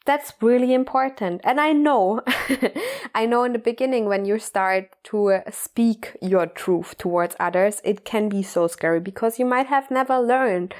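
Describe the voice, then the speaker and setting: A woman's voice: medium pitch, moderate pace, hardly any pauses, darkish tone, clean tone. Earnest woman coach, filler-heavy talk. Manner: earnest, repeats "like" and "you know", laughs often. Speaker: mindfulness coach. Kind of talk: casual motivational talk.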